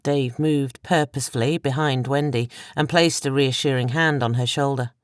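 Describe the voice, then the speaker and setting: A woman reading an audiobook in a measured, even storytelling voice. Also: rumbling low, no room sound, clean studio sound. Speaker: audiobook narrator. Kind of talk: scripted narration.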